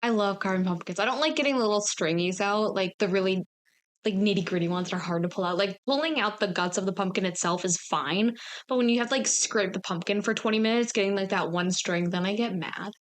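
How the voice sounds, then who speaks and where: A woman's voice: mid-range voice, quick pace. Young female podcast host, chatty and giggly, casual delivery. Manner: giggly, chatty, laughs often.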